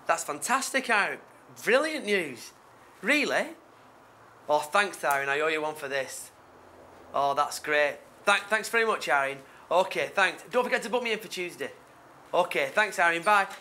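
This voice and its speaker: An actor playing an eager, gushing service station worker in a TV comedy. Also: male voice, high-pitched, expressive, moderate pace, pushed and bright, a little hiss or hum. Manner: gushing, thankful.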